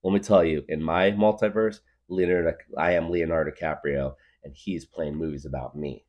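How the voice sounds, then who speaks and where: A man's voice: a bass voice, fairly even intonation, normal speed, dull audio. A man in his thirties hosting a podcast, rambling through a comedic monologue with lots of fillers. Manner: rambling, full of fillers, laughs at his own jokes. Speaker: podcast host.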